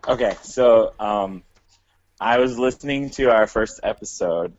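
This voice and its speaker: A man co-hosting a podcast, chatting in a relaxed way and setting up a hypothetical question. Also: lowish voice, measured pace, no echo. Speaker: podcast co-host. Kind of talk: casual chat. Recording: dull, dry lo-fi sound.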